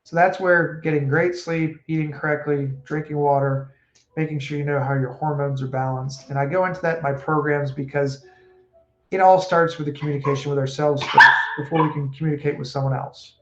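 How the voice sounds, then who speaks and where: A man coaching casually on stress and breathing, animated and acting out quoted speech. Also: fairly high pitch, brisk. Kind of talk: casual advice talk. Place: home room with a puppy. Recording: echoey room, dull sound, faint noise.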